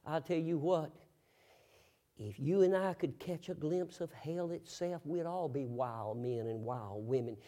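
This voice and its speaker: With a fairly high-pitched voice, a preacher tells a folksy tale in his sermon. He throws out rhetorical questions and periodically bursts into loud, emphatic shouts.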